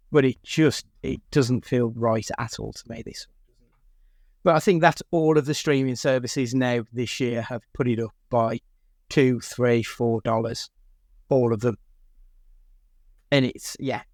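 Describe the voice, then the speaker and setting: A man's voice: mid-range voice, no echo, studio quality. A man from England co-hosting a podcast, speaking steadily and steering the conversation in casual chat. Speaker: podcast co-host.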